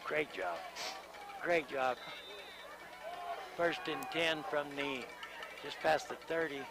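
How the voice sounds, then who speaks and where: A man calling a high school football game on the radio, joking and boastful, out of breath. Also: fairly even intonation, slow, vocal fry, over a noisy crowd, heavy background noise. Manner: joking, boastful, self-styled showman. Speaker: play-by-play announcer. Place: outdoor stadium press box. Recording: loud band music behind.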